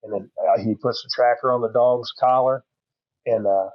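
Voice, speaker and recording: A man's voice: mid-range voice, steady tone, normal speed, no echo, muffled recording. A middle-aged man telling a long hunting story on a podcast, rambling and folksy with plenty of fillers. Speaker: podcast guest. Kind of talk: casual storytelling.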